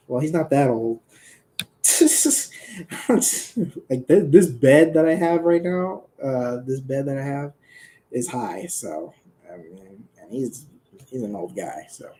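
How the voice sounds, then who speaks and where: Man, unhurried casual chat, warm low-key voice. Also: slight background noise. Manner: rambling, laughing, talks to his cat. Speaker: creator presenting his original characters. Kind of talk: casual rambling chat to viewers.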